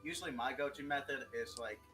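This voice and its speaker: A man's voice: mid-range voice, quick pace, music in the background, rough recording. A young man chatting as a guest on a writing stream, rambling, joking and swearing freely. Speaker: guest writer. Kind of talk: casual chat.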